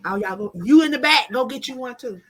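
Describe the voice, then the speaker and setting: A woman's voice: high voice, fast. A woman hosting a casual group chat, often laughing and repeating herself. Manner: laughing, repetitive, animated. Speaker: book author and host.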